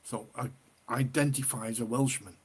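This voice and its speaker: A man from northern England hosts a casual livestream, chatting with viewers, reading their comments aloud and laughing a lot. His mid-range voice has fairly even intonation, a normal speed and a breathy edge.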